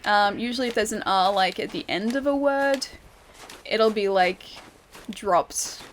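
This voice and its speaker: A woman's voice: medium pitch, measured pace, slight background noise. A young woman with an Australian city accent, chatting casually with her stream chat while playing a game, giggling often. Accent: Australian, city, pronounces final R's.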